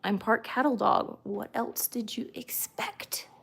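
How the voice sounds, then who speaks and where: A cheeky young cattle-dog girl put on by a woman speaks the dog's thoughts with playful smugness. The voice sits higher than an everyday speaking voice and drops softly toward a near-whisper. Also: takes it slowly, gravelly, slightly rough, full character voice. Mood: sassy.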